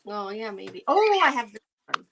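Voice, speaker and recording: A woman's voice: medium pitch, very animated, moderate pace, vocal fry, noisy background. A woman chatting casually while painting, giving short replies and thinking aloud. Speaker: craft stream co-host.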